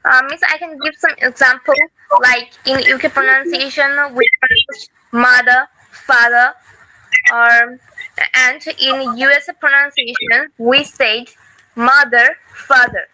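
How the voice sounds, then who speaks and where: A woman student answering oral exam questions, hesitant and reciting with many pauses. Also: high-pitched, steady tone, pushed and bright, rough recording.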